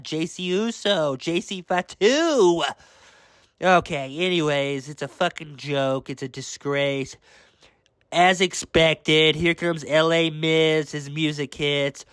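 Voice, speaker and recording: A man's voice: a little high, fairly even intonation, slow, fairly bright tone, clean tone, no room sound. Furious swearing man ranting. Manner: heated, swearing, exasperated ranting. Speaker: wrestling show reviewer. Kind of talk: angry rant review.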